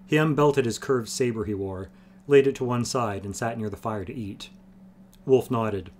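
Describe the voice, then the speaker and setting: A man reading a fantasy novel aloud on a livestream, in a steady storytelling manner. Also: fairly low pitch, moderate pace, slight background noise. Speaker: livestream book reader.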